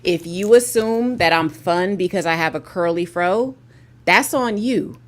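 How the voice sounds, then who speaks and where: A woman's voice: fairly low pitch, a little slow. A woman guest on a livestreamed panel, speaking candidly and emphatically over a video call, often restarting her sentences. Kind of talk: casual panel discussion.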